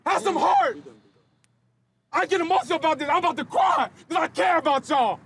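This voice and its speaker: A man giving a fired-up, profane motivational speech to his football team, shouting much of it. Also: extremely high pitch, brisk, slight background noise. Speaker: football player addressing team. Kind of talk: locker-room motivational speech.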